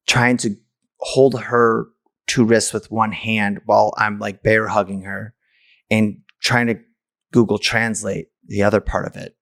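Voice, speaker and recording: Man, podcast host, candid storyteller, blunt with casual swearing, gravelly, flat delivery. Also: lowish voice, no echo, studio quality. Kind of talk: personal storytelling monologue.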